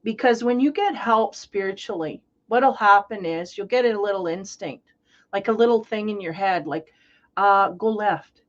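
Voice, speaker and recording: A woman's voice: medium pitch, normal speed, dull audio. Rambling, conversational woman tarot reader. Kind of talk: casual spiritual reading.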